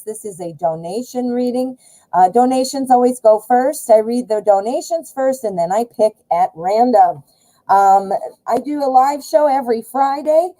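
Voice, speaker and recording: A woman's voice: on the high side, mellow, poor audio. An American woman hosting a casual live tarot stream, chatty with lots of fillers and self-corrections.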